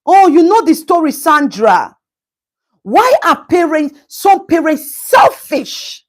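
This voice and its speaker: On her casual live stream, a woman discusses a news story in a high-pitched voice, speaking slowly. Animated throughout, she welcomes viewers by name and adds remarks in Pidgin.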